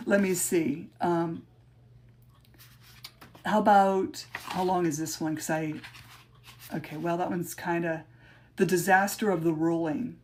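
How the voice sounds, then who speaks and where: A woman podcast host on a livestream, reading her own rhyming poems with emphatic rises and chatting between them in a halting, informal way. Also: on the low side, steady tone, darkish tone, a little hiss or hum.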